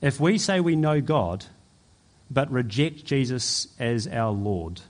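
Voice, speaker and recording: A man preaching a sermon as pastor, emphatic and building to forceful peaks. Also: mid-range voice, expressive, takes it slowly.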